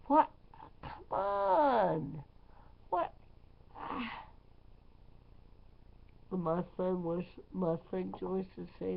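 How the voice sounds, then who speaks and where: Slow, gravelly-voiced woman DJ rambling. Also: lowish voice, sing-song. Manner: rambling and emphatic, many fillers. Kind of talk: casual vlog chat. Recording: slightly dull lo-fi sound.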